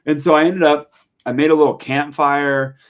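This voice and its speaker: A young adult man from Montana, a podcast guest telling a story in a casual, animated way, full of fillers. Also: fairly high pitch, moderate pace. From Montana, USA. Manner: animated, chatty, lots of fillers.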